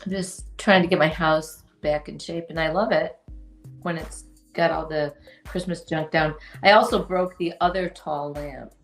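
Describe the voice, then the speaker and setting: A woman co-hosts a podcast, chatting in a dry, low-key manner. Her voice sits a little low. Faint music plays behind her. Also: fairly even intonation, a little slow, reverberant. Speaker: podcast co-host. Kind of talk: casual chat.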